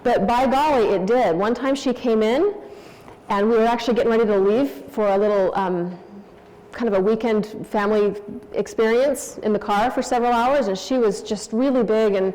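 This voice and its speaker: A woman's voice: fairly high pitch, moderate pace, a little mellow. A woman in her forties giving a candid, anecdotal talk on parenting as a church speaker, in a church hall. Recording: long hall reverb.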